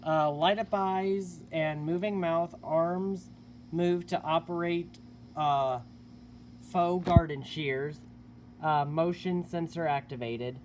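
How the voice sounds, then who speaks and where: A man giving a casual product review of a collectible animatronic, unhurried and hesitant, with many filler words. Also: on the high side, a little mellow, slight background noise.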